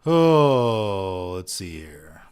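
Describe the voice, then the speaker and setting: A man's voice: sits low, sing-song, extremely slow, darkish tone, clear, resonant tone. A man hosting a casual podcast, reading out online posts and ranting about them with heavy profanity and exasperation. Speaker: podcast host.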